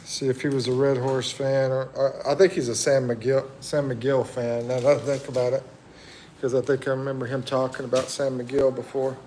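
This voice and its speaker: A man's voice: medium pitch, flat delivery, moderate pace, mellow, slight background noise. A man hosting a casual livestream, chatting with viewers and thinking aloud in a rambling way. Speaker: livestream host. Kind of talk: casual live chat reading viewer comments.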